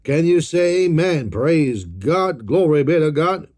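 A man's voice: fairly high pitch, expressive, takes it slowly, a little mellow. A man preaching a sermon, leading the congregation in call-and-response, drawing out phrases and repeating declarations with emphasis.

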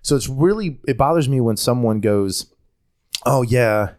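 A man's voice: medium pitch, lively intonation, normal speed, a little mellow. A man from North Carolina with a Southern accent, talking casually on a podcast in a rambling way, often restarting his sentences. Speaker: podcast host. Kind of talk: casual chat.

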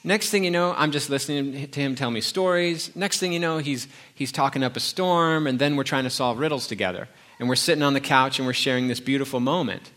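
A man's voice: mid-range voice, a little fast, hardly any pauses, fairly bright tone. A middle-aged man preaching a sermon, telling a family story and acting out the dialogue in a conversational way. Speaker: pastor.

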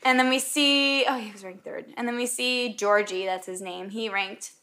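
A woman's voice: a little high, normal speed, pushed and bright. A woman co-hosting a podcast, chatting enthusiastically through an anime episode recap and acting out characters' lines. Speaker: podcast co-host. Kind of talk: casual anime recap chat.

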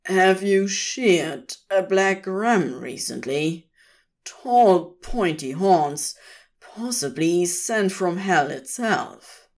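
A woman's voice: on the low side, lively intonation, extremely slow, darkish tone, heavily acted. A woman voicing a frantic, heartbroken man who talks in a pleading, tearful way. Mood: anxious.

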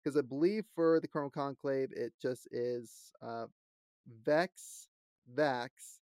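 A man's voice: mid-range voice, slow pace, darkish tone, clean tone, no room sound, studio quality. A man co-hosting a casual podcast chat about a fantasy show, laughing often and squealing out quotes. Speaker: podcast co-host.

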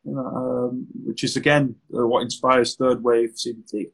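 A man, an anxiety therapist, answering interview questions in a lively, conversational way and acting out exchanges with clients. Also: medium pitch, moderate pace, vocal fry, breathy edge, low-quality recording. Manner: animated, acts out client exchanges.

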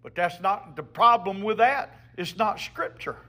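Preacher guy, high bright voice, slow and emphatic, calls out amen. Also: expressive. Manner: emphatic preaching with call-and-response. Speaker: pastor. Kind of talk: sermon.

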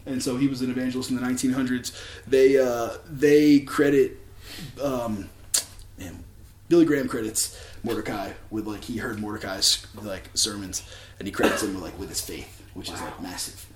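A man's voice: medium pitch, steady tone, moderate pace, roomy sound, background noise. A man telling a story in a casual sermon, chatty, with many fillers and restarts. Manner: chatty, filler-heavy, with many likes and ums. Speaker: preacher.

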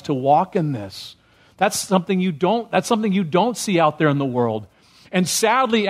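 A man preaching a sermon as pastor, often checking in with the congregation with questions. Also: high voice. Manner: asks the congregation questions, rising when stirred.

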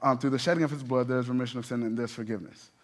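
A man's voice: medium pitch, steady tone, very fast. A man, a pastor, preaching a sermon in a conversational way, with emphatic rising peaks and many asides.

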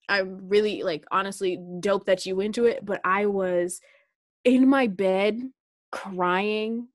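Young woman, animated joking storyteller, close dry mic. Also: mid-range voice, no room sound. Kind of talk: casual chat.

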